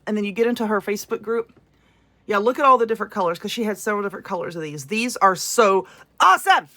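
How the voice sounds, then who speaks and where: A woman's voice: fairly high pitch, a bit bright. A woman with a Southern US accent, gushing and exclaiming as she unboxes crafting goods in a casual vlog. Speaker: crafting vlogger. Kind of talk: excited unboxing chat.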